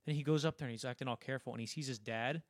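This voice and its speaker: A man's voice: medium pitch, very fast, dry recording, clean studio sound. A young man co-hosting a casual film podcast, animatedly retelling scenes in a rambling way full of restarts. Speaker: podcast co-host.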